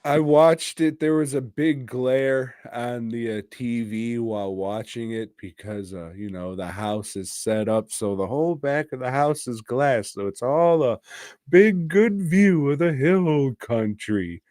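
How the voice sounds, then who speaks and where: Man with a medium voice recapping a film slowly, cussing a lot, dry close sound. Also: mid-range voice, darkish tone, dry recording. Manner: rambling, profane, laughing at his own story. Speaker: podcast co-host. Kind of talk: casual movie-recap chat.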